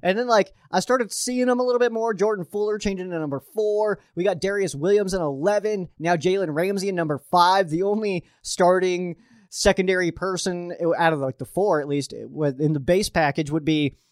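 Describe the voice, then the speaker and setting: Animated high-voiced man doing sports commentary. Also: normal speed, no echo, studio quality. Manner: animated, acts out fan reactions in quotes. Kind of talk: casual commentary monologue.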